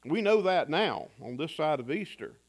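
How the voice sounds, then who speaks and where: A man preaching a sermon in a measured, reflective way, pausing for effect. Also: a little high, big pitch swings. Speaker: pastor.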